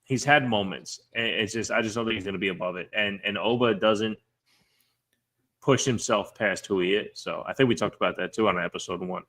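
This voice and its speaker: A man with a low but bright, forceful voice lays out his opinions in relaxed podcast talk. He restarts phrases as he works through his thoughts. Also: brisk. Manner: reflective, opinionated, self-correcting. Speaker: podcast co-host. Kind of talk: casual wrestling chat.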